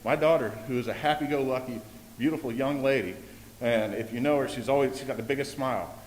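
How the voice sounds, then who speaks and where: A man's voice: medium pitch, quick pace, darkish tone. A man, a parent, giving an earnest public comment at a school board meeting, often repeating himself as he pleads his case. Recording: echoey meeting hall, faint background hiss.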